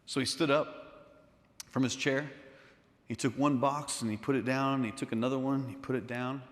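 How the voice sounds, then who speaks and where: A man storyteller speaks to a room of students, animated and dramatic, swinging between loud bursts and hushed moments. His fairly high voice carries through a large school hall with a long reverb.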